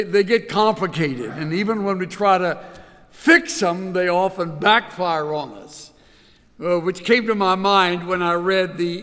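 Male storyteller, unhurried sermon delivery, hesitant with fillers, long room reverb. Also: sits high, fairly bright tone. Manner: halting, repeats words, many uh fillers. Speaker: speaker telling illustrative stories.

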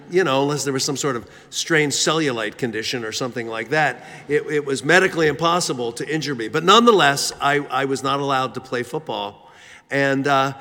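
A man's voice: fairly high pitch, moderate pace, sharp tone. A man from Philadelphia telling a humorous, self-mocking story in a sermon, with frequent fillers and restarts. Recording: reverberant church hall.

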